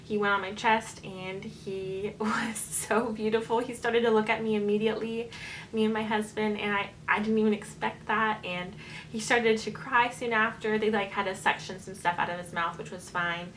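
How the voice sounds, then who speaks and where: Young woman vlogger, casual chatty storytelling, earnest and emotional, filler-heavy, mid-pitched voice, faint room hum. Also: fairly even intonation, normal speed, fairly bright tone, low-quality recording.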